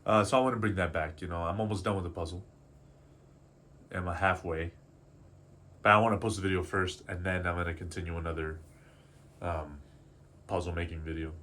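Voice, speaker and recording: A man's voice: deep voice, fairly even intonation, fairly quick, long pauses, a bit bright. A man in his twenties talking candidly in a confessional vlog, rambling and self-doubting, swearing casually as he works through his feelings. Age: 20s. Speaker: artist vlogger. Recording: faint background noise.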